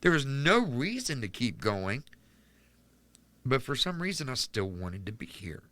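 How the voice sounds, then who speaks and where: A man's voice: medium pitch, sing-song, measured pace, sharp tone. A man from North Carolina, a podcast guest telling his life story in a candid, rambling way full of "like". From Charlotte, North Carolina, US. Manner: rambling and candid, heavy use of "like". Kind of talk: personal storytelling in a casual interview.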